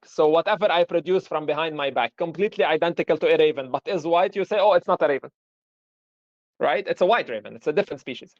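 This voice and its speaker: A man's voice: a little high, a little mellow, no room sound, lo-fi sound. A man lecturing on philosophy in a live-streamed discussion, explaining through examples and rhetorical questions.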